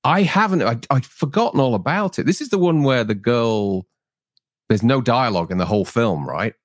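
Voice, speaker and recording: A man's voice: medium pitch, normal speed, no room sound, clean studio sound. A man with a Scottish accent, co-hosting a casual live-stream chat on a call and telling stories with lots of chuckles. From United Kingdom. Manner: lively storyteller, chuckles a lot.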